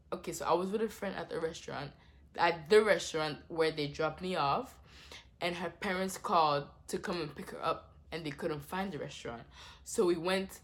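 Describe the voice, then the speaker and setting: A young woman telling a dramatic personal story in a casual vlog, swinging from hushed asides to loud exclamations. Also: on the low side. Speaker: vlogger.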